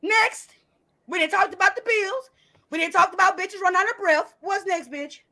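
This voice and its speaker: Woman, live-stream host, confrontational rant, profane, high voice, bright and forceful tone. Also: moderate pace. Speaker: livestream host. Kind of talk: heated live-stream rant reading chat.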